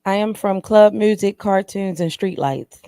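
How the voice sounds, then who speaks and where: A young woman with a Baltimore accent reading her own spoken word poem in a steady recited cadence. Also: mid-range voice, unhurried, no room sound, clean studio sound. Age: young adult.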